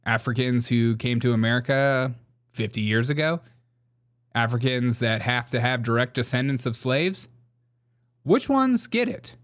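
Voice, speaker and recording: A man's voice: medium pitch, fairly even intonation, normal speed, a bit bright, clear, resonant tone. Male host, casual sarcastic commentary, laughs a lot between remarks. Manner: sarcastic, laughs often while talking. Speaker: political commentary show host.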